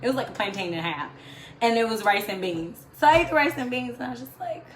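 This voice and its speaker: A woman's voice: on the high side, expressive, fast talker. A woman hosting a home cooking show, telling chatty stories with laughs and asides to her viewers. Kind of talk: casual storytelling while cooking. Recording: echoey room with faint background noise.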